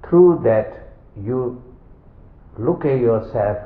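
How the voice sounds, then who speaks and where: Slow halting man giving a dharma talk. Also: mid-range voice, lively intonation. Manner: slow, halting, simple phrasing. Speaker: Buddhist teacher. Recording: echoey, phone-like sound.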